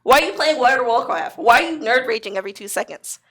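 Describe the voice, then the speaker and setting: A woman's voice: a little high, lively intonation, fast talker. A woman on voice chat, mocking and exasperated as she argues back. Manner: sharp-tongued, mocking, exasperated. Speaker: voice chat participant. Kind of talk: heated casual argument.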